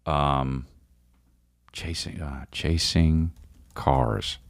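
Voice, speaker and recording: A man's voice: rumbling low, steady tone, drawn-out words, vocal fry, no echo, studio quality. A man in his forties hosting a casual comedy podcast, rambling and joking and now and then breaking into off-key singing. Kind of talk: casual solo podcast chat.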